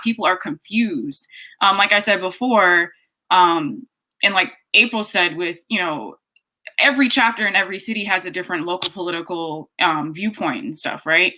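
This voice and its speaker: A woman's voice: medium pitch, bright, forceful tone. A woman activist on a panel who speaks bluntly and emphatically and asks rhetorical questions. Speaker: activist guest. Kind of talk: panel discussion.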